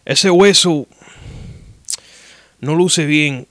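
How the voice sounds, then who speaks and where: A man voicing an old male Cuban family doctor with a Cuban Spanish accent, who mumbles his words in a low, quiet, offhand way. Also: extremely slow, no echo. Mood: indifferent.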